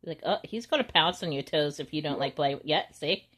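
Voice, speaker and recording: A woman's voice: low-pitched, animated, brisk, a bit bright. A woman filming her cats at home, talking to them in a doting, cooing voice. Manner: doting, cooing baby talk to pets. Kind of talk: casual home video. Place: home, indoors.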